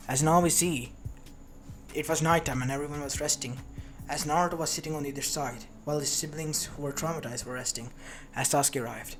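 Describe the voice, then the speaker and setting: A man's voice: medium pitch, normal speed. A man narrating a fan fiction story, stumbling and restarting now and then. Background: lo-fi background music.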